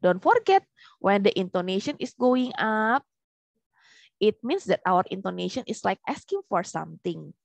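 A woman's voice: medium pitch, very animated, creaky, no echo. A woman teaching Mandarin vocabulary, drawing out each tone with patient repetition in a drill. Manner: slow, over-stretched tones, patient repetition. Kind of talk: classroom language drill.

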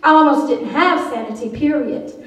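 A woman's voice: high-pitched, normal speed, a bit bright. A woman giving a fervent, sing-song testimony sermon in a church, her voice sometimes breaking. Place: church sanctuary. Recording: echoey church from far off.

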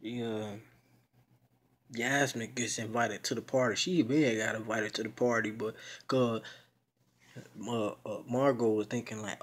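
A young man rambles through a story in loose slang, swearing as he goes. His voice is husky and breathy. The pitch sits in a middle range for a man. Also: steady tone, unhurried, pauses often. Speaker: video blogger. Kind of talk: casual story retelling.

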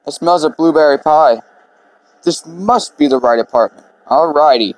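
A man's voice: fairly high pitch, moderate pace. A man giving laid-back let's play commentary, muttering to himself as he plays. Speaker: gamer.

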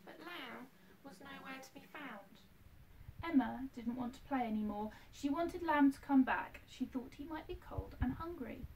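Teacher reading a picture book aloud. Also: female voice, sits high, a little slow. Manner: gentle, expressive read-aloud with asides to children. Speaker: primary school teacher. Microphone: self-filmed camera. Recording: distant mic, faint background noise.

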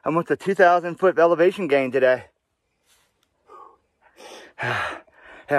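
A man's voice: fairly high pitch, slow, no room sound. A man vlogging outdoors while hiking, talking casually to his viewers, out of breath, with lots of fillers. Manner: chatty, addresses viewers as guys, many fillers. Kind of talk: casual outdoor vlog narration. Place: outdoors on a mountain trail.

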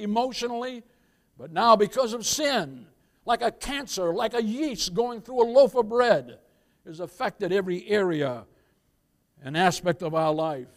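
Preaching in a church, a male pastor uses a high voice. He is emphatic, calling out to the congregation and shifting between loud, emphatic lines and quiet asides.

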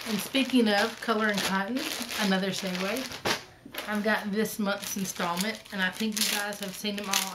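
A woman in her thirties with a Southern accent and a medium-pitched voice hosts a flosstube vlog against a noisy background. She chats in a casual, rambling way full of ums and asides.

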